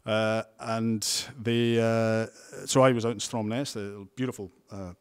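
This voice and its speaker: Scottish newsman with a lowish voice. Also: flat delivery, a little slow, smooth. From Scotland. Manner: chatty, frequent restarts and wry asides. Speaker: television news presenter and reporter. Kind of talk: relaxed interview answers.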